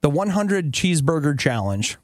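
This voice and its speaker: A middle-aged man co-hosting a talk show, bantering playfully and telling stories with animated teasing. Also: on the high side, moderate pace, over loud music. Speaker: co-host.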